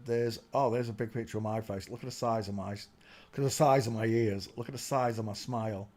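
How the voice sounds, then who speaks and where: A man's voice: on the low side, fairly even intonation, a little fast, darkish tone. A man hosting a livestream, ranting in a rambling monologue to his chat and muttering to himself as he searches on screen. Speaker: livestream host.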